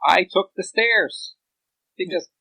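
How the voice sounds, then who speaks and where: A man's voice: high voice, takes it slowly, creaky, pushed and bright, poor audio. A man guesting on a podcast, chatting casually and giving earnest opinions. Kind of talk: casual chat.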